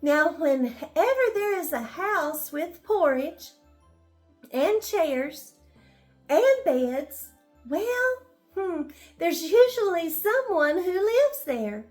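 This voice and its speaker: An older woman reading a children's bedtime story, gently asking the listening children questions as she goes. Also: extremely high pitch, sing-song, drawn-out words, soft background music.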